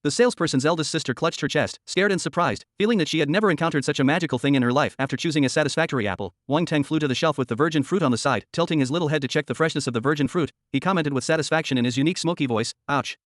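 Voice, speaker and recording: Male recap narrator: brisk, slightly high voice, close and dry. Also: no echo. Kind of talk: scripted story narration.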